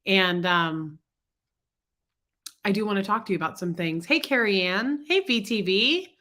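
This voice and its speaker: Livestream host, woman, bright voice thickened by congestion, chatty and greeting viewers by name. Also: mid-range voice, animated, unhurried. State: congested, sick voice. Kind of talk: casual livestream chat reading comments.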